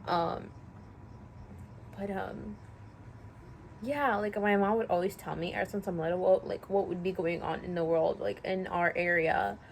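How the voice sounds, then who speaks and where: A young woman talking to camera in a personal vlog, halting and full of fillers, close to tears. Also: medium pitch, fairly even intonation. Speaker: vlogger. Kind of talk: emotional personal vlog talk. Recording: faint background noise.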